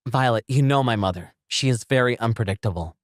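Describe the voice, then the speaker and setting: A man's voice: mid-range voice, a little fast, no room sound, studio quality, natural voice. A man voicing a commanding young vampire woman in an audio story, with a bossy, scolding manner. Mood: firm.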